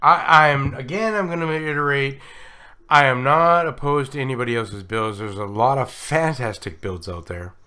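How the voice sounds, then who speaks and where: A man's voice: mid-range voice, normal speed, sharp tone. A man hosting a live stream, drunk and slurring, effusive and giggly as he rambles through casual chat. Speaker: live stream show host.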